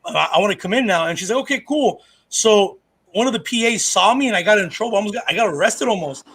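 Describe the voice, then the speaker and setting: A man's voice: high voice, lively intonation, fast talker, a bit bright, slightly rough. A man, a comedian co-hosting a podcast, telling stories in casual chat, rambling and profane with lots of restarts.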